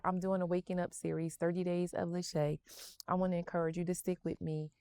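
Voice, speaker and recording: Casting: woman in her 50s, low, gravelly and mellow, motivational faith vlogger, dry close sound. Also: little pitch movement, fairly quick, dry recording. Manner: encouraging, repeats affirmations. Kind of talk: faith-based motivational vlog. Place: outdoors, seated.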